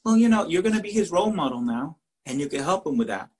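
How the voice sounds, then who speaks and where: A man speaking as his wife, calm and supportive, gently reasoning. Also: on the high side, fast talker, husky. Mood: reassuring.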